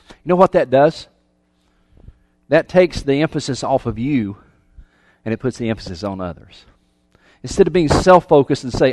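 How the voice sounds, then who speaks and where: This pastor's sermon feels like a conversation: he questions his listeners and keeps repeating words. His medium-pitched, slightly mellow voice is animated at a normal speed, captured in clean, echo-free studio sound.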